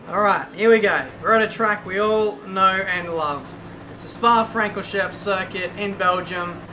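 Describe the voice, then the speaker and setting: A young man giving casual, self-mocking commentary while playing a racing game. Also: high voice. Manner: chatty, self-mocking, quick exclamations. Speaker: gaming YouTuber. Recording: game audio and engine noise behind.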